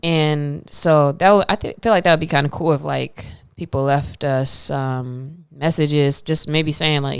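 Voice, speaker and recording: A woman co-hosting a podcast in relaxed, chatty talk, slangy and loose, often trailing off with fillers. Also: sits low, a little slow, gravelly, few pauses, clean tone, dry recording, studio quality. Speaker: podcast co-host. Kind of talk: casual podcast chat.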